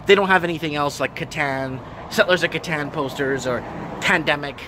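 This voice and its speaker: A fairly high-voiced man in his thirties vents to his camera from his half-finished shop. He rambles, circles back and repeats himself in an exasperated, casual vlog rant. A faint hum of noise sits behind him. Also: fairly bright tone. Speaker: vlogger and shop owner. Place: shop under renovation.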